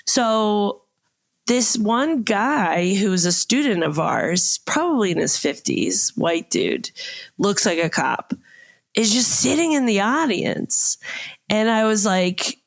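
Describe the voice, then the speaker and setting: A woman's voice: mid-range voice, expressive, slow pace, vocal fry. Chatty woman telling a story. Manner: chatty, filler-heavy. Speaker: improv performer, podcast co-host. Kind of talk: casual storytelling.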